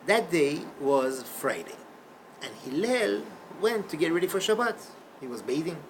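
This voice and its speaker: Animated male Torah class teacher. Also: a little high, moderate pace, a little hiss or hum. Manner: animated storyteller, shifts voice for quotes. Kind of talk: storytelling lecture.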